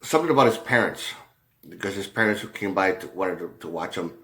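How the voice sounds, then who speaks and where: Low-voiced man telling a rambling story. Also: animated, fairly bright tone. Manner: halting, many fillers and restarts, swears freely. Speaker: commentator.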